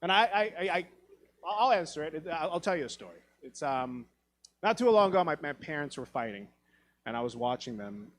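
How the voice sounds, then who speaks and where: A man from Taiwan does stand-up in a theatre, his fairly high voice moving fairly quickly. He animates his stories by acting out other people's voices.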